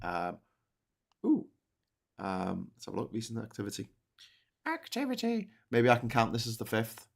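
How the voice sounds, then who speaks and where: A man's voice: on the low side, moderate pace, gravelly, long pauses. A British man co-hosting a live news stream in casual chat, rambling, restarting his sentences and cracking jokes. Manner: rambling, self-correcting, jokey.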